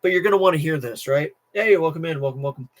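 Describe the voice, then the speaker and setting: Teenage male streamer, tired, rambling rant, frequent restarts, fairly high voice. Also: quick pace. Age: teens. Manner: restless, repeats himself, many restarts. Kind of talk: casual political rant to camera.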